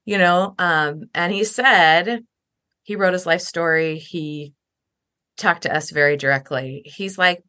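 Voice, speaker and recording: Earnest woman, bright and low-voiced. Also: slow. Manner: earnest, reflective, lively when quoting others. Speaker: podcast guest. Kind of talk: heartfelt conversation.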